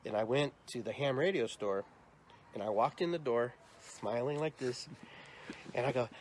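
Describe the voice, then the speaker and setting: A man in his fifties hosts a podcast with a middle-pitched voice. He tells stories in an animated way and acts out the people in them. Faint background noise sits under the recording. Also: normal speed. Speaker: podcast host. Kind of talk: casual storytelling interview.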